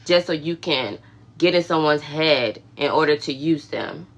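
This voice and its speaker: A woman's voice: low-pitched, lively intonation, a little slow. A woman hosting a livestream, giving a casual, emphatic faith talk with conversational asides. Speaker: livestream host.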